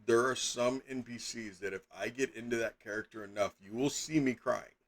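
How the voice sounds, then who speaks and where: A man's voice: mid-range voice, normal speed. Rambling middle-aged man, game master. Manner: rambling, filler-heavy, emphatic. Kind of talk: casual chat on a live stream.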